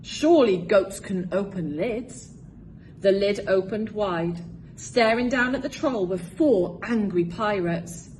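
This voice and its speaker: A woman's voice: medium pitch, a little hiss or hum. A teacher, a woman, reading a children's storybook aloud with lots of expression. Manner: expressive, slow read-aloud.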